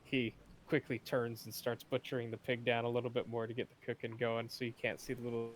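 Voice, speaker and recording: A man narrating as game master of a tabletop game, relaxed and easy to laugh. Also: mid-range voice, brisk, slight background noise. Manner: relaxed, laughs easily, calls for dice checks.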